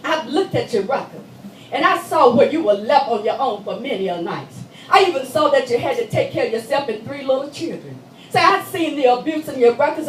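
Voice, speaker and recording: A woman voicing a stern female judge who speaks in a formal, deliberate way in a live stage dramatization. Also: high voice, a little hiss or hum. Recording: echoey hall, voice from a distance.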